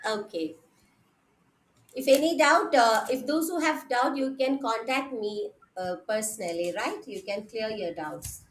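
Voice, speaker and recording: A woman lectures over an online call in a high voice. She talks slowly and methodically, going over each point more than once. She often pauses to check that her students are following. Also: animated, slight background noise, low-quality recording.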